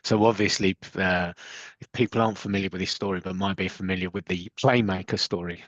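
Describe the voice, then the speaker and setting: Low-voiced man on dull call audio. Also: a bit bright, no room sound. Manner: good-humoured, laughs easily. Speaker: podcast co-host. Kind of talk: casual podcast chat.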